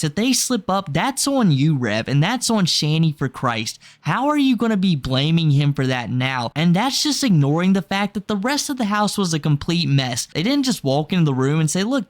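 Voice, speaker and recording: A man's voice: fairly high pitch, no echo. A man hosting an online drama commentary channel, indignant and critical.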